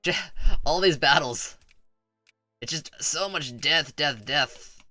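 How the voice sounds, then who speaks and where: A man's voice: on the high side, expressive, moderate pace, pushed and bright, no room sound, soft background music. A man streaming a strategy game, giving playful, rambling commentary that stumbles over restarts.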